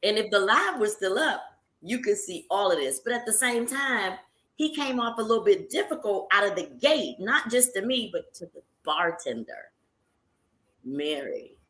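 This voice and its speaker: Lively woman streamer in an echoey room. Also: mid-range voice, moderate pace. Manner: animated, laughing often, addresses viewers as y'all. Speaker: live-stream host. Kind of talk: casual storytelling to viewers.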